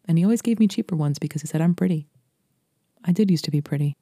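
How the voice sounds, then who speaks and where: A woman from Brooklyn narrates a literary short story in a steady, intimate way. Her voice is deep-toned and mellow, and she moves briskly through the sentences. The sound is dry and close, with no room around it. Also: no echo. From Brooklyn, New York. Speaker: podcast host and writer.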